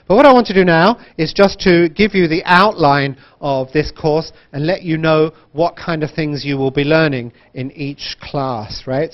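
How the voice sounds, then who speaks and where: British man, somewhat high voice, teaching an exam-prep class, slow and deliberate, slightly dull recording. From Britain. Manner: slow, deliberate, drills phrases with wide intonation, checks in with "right?". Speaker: IELTS teacher. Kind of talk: online English lesson.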